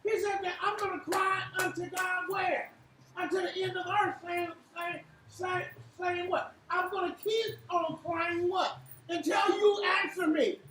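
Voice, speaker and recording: A woman leading an interactive church Bible lesson, quizzing the room with repeated "what?" and building to shouts. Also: very high-pitched, steady tone, measured pace. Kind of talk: interactive sermon with call and response. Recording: echoey room from far off, faint hiss.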